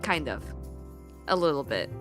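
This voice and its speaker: A VTuber streamer chats casually with her viewers, rambling with plenty of filler words and restarts as she swings between giggly highs and low mumbles. Her delivery is sing-song at a normal speed, with faint music in the background.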